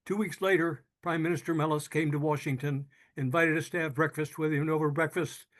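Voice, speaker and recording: An older man telling a personal story in an earnest, halting way, with frequent restarts, sometimes moved. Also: fairly high pitch, steady tone, a bit bright. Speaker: speaker telling his own story.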